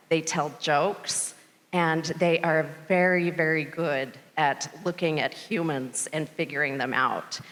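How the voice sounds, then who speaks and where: A middle-aged woman giving a conference welcome speech, telling a story and acting out the quoted lines. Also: deep voice. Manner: storytelling, animated when quoting the robot. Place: conference hall stage. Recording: long reverb of large hall.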